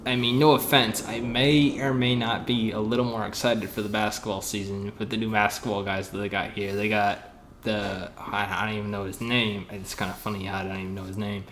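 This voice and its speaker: A young man hosting a casual podcast chat, rambling and excitable, full of fillers and restarts. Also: fairly low pitch, fairly quick, a little hiss or hum. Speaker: podcast host.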